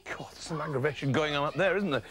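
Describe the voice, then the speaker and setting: A man hosting a children's TV show, excitable and a little flustered. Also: a little high, quick pace, soft background music. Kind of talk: lively children's TV presenting.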